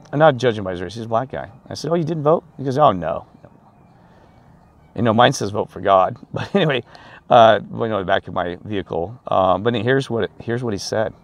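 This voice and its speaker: A man's voice: fairly low pitch, vocal fry. A man ranting outdoors to his viewers in a rambling, preachy, emphatic way. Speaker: vlogger. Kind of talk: rambling rant to camera.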